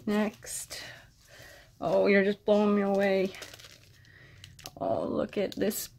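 A woman vlogger casually chatting as she unboxes craft mail, gushing with gasps of delight and talking softly to her friend. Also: medium pitch, completely flat delivery, slow pace, creaky. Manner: soft-spoken, addresses her friend directly.

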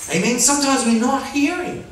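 A high-voiced man preaches in a lively, playful way, laughing at his own jokes and pressing his listeners for amens. His voice comes from some way off the mic in a very echoey church hall. The congregation answers him now and then. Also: brisk, far from the mic. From New Zealand. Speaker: pastor. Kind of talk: sermon.

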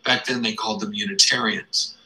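A man's voice: on the low side, steady tone, brisk, bright, forceful tone, echoey room, poor audio. A man giving scripted video narration, explaining step by step with rhetorical questions.

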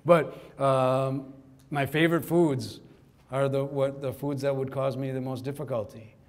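Guy from kerala giving a keynote, chatty storyteller, medium pitch, lots of asides. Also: fairly even intonation, unhurried. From Kerala, India. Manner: conversational, lots of asides and "you know". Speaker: keynote speaker. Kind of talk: storytelling speech. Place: conference hall before an audience.

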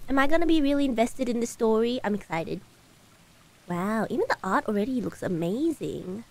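A woman streaming a game live, playful and excitable, gasping, meowing and talking in cutesy broken grammar. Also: medium pitch, a little fast.

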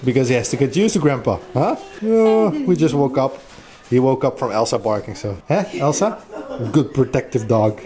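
A young man chatting quickly and laughing as he films a family vlog at home. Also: mid-range voice, lively intonation, over music. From Netherlands. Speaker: vlogger. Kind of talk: casual family vlog chat. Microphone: camera-mounted mic.

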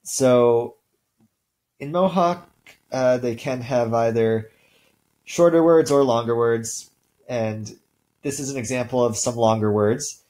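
A male linguistics instructor gives a relaxed recorded lecture, full of ums and uhs and the odd throat clear. His mid-range voice moves slowly with frequent pauses, and the recording is rough.

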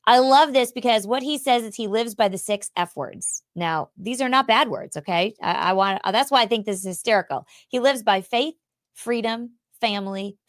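A woman's voice: fairly high pitch, no echo, studio quality. A woman hosting a talk show, reading a sponsor spot and chatting with a guest in a bubbly, effusive way. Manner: bubbly and effusive, quick to laugh. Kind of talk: casual interview chat.

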